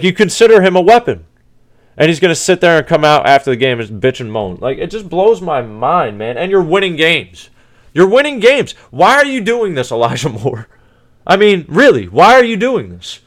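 A man's voice: on the high side, big pitch swings, normal speed. A man hosting a sports podcast, ranting in a heated, profane, exasperated way, with many restarts. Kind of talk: casual sports rant.

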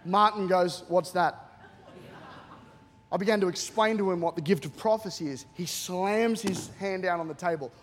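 A high-pitched middle-aged Australian man preaching in a long-echoing church hall. He tells funny stories, acting out the voices in them with animated energy. His humour is quick and joking. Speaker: guest pastor. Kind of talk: humorous sermon storytelling. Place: church auditorium with a live congregation.

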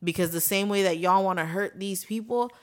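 A woman's voice: mid-range voice, a little fast. A woman co-hosting a podcast, talking bluntly and heatedly in casual chat, swearing often. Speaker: podcast co-host.

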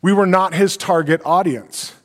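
A man preaching a sermon as pastor, in a conversational, animated way full of rhetorical questions. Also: high voice, normal speed. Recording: long hall reverb.

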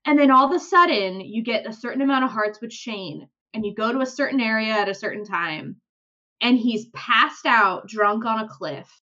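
A woman's voice: a little high, moderate pace, bright, forceful tone, dull audio. A young woman co-hosting a podcast, telling stories animatedly, acting out characters' lines and laughing often. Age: young adult. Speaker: podcast co-host. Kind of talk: casual chat.

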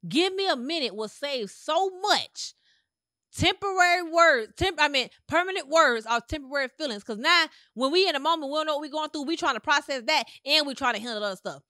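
Emphatic bright-voiced woman podcaster. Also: sits high, lively intonation, fairly quick, no room sound, clean studio sound. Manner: emphatic, repetitive, conversational preaching. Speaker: podcast host. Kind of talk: motivational monologue.

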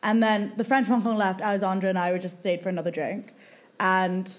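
A woman's voice: mid-range voice, flat delivery, a little fast. A young woman co-hosting a podcast, telling stories in casual chat and often laughing. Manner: chatty storyteller, often laughing. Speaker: podcast co-host.

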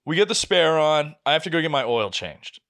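A young man, co-hosting a casual podcast and telling a frustrating story with animated, exasperated energy and plenty of swearing. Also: on the high side, brisk. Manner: animated, exasperated, swears freely, acts out quotes. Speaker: podcast co-host.

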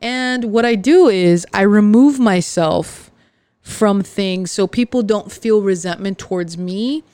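A woman hosting her own podcast, talking earnestly and confessionally, with frequent pauses and fillers. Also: mid-range voice, warm tone, clear, resonant tone, no echo. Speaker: podcast host. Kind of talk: candid personal podcast monologue.

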